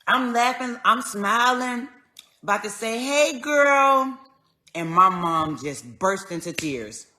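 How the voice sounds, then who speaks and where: A woman telling a personal story in an earnest, conversational way, going soft and then raised as she relives moments. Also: medium pitch, a little slow. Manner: earnest, conversational, swings between quiet and raised when retelling. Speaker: vlogger.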